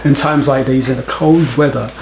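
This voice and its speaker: A man's voice: mid-range voice, fairly even intonation, normal speed, creaky, noisy background, lightly acted. A man putting on a laid-back British voice of a young London man, in an echoey room.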